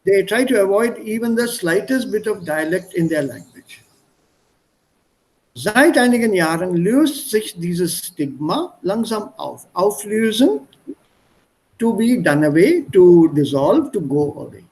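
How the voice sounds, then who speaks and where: Indian-accent guy teaching german online, high pitched, piles up english synonyms. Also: very animated, unhurried, darkish tone, rough recording. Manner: explains German words with English synonyms, code-switches into Hindi. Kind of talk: online language class. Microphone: video call.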